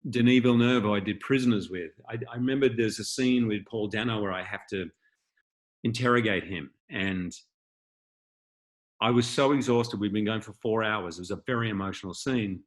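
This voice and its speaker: A man's voice: on the low side, normal speed. A man being interviewed as the patron of an acting school, telling candid, reflective anecdotes over a video call. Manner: reflective, openly shares feelings.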